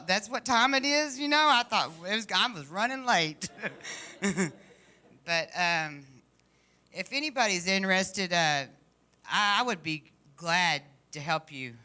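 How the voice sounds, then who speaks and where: A woman giving a heartfelt, halting personal testimony to a church congregation. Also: lowish voice, sharp tone. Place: church service.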